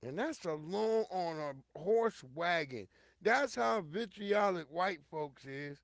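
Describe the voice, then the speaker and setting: A middle-aged man hosting a show, telling a personal story in a casual, profane monologue, talking straight to his listeners and swinging from loud outbursts to hushed low tones. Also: lively intonation, slow pace, creaky, no echo, clean studio sound. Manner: addresses listeners directly and repeatedly.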